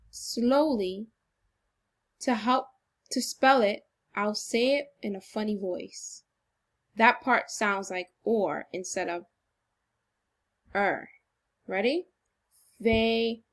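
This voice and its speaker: Slow-spoken woman teaching a phonics lesson. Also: fairly high pitch. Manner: slow, encouraging, exaggerated classroom delivery. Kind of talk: recorded phonics lesson for children.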